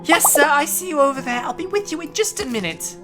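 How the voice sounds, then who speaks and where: A woman voicing a chatty elderly female antique shop owner in a put-on British accent, folksy and full of pet names, with loud jazz music behind. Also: high-pitched, lively intonation, fast, voice pushed up. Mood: gossipy.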